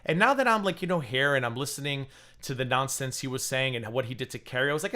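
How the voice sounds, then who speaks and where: Animated, bright-voiced man gossiping sarcastically. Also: medium pitch, fast talker. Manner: sarcastic, mocking asides. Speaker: livestream host. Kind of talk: casual drama commentary.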